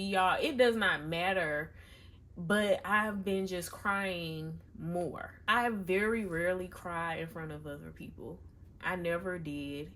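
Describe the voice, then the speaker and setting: A woman's voice: mid-range voice, a bit bright. Candid chatty young woman vlogging. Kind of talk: casual personal vlog.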